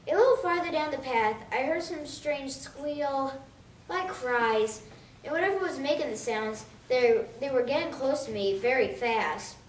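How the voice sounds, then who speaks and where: Lively, high-voiced woman telling a story. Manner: lively, expressive, childlike storytelling. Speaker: reader of a monologue. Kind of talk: storytelling monologue. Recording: echoey room from a distance with faint noise.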